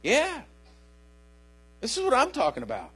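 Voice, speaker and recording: An older man preaching in a folksy, storytelling way, calling out to his listeners as he goes. His voice sits very high for a man and has a husky edge. A faint electrical hum runs under the recording. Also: wildly swooping pitch, unhurried, a bit bright. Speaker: pastor. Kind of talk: sermon.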